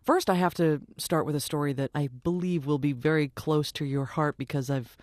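A woman's voice: sits low, fairly even intonation, moderate pace, darkish tone, dry recording. A middle-aged woman hosting a public radio business news show in a studio, teasing her co-host in playful banter.

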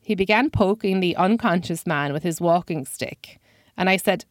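A woman's voice: on the low side, moderate pace, dry recording. A woman comedian telling a first-person comic story in a dry, self-deprecating way.

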